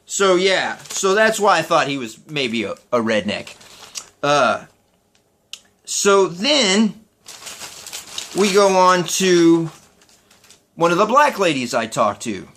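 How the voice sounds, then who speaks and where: A man's voice: sits high, sing-song, takes it slowly, long pauses, a bit bright. A man ranting sarcastically to camera, profane and exasperated as he talks through street interviews. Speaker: vlogger. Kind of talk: ranting commentary.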